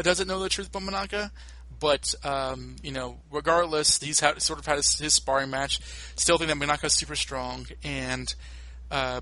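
A man hosts a casual podcast, talking through a plot recap in a loose, rambling way full of fillers and restarts. His voice is bright and forward. The sound is dry and close, with no room around it. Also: medium pitch, no room sound, low-quality recording. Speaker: podcast host.

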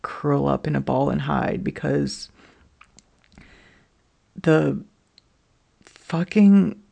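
Woman venting on her vlog, super fry-heavy voice, lots of like and you know what i mean, swears a bunch. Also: rumbling low, flat delivery, slow pace, darkish tone. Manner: swears freely. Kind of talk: candid personal vlog.

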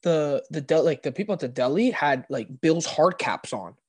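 Excitable young Canadian sports fan. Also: male voice, fairly high pitch, normal speed, breathy edge, dry recording. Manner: excitable storyteller, laughs often and repeats himself. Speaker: podcast guest. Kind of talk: casual sports chat.

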